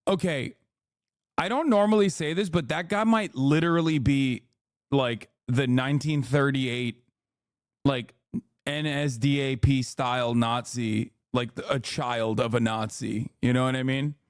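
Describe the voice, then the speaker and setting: A man on a live stream, riffing through casual reaction commentary in a joking, sarcastic way. He rambles, full of fillers. His voice is mid-pitched and dry and close. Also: fairly even intonation, unhurried, dry recording. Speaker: streamer reacting to a debate clip.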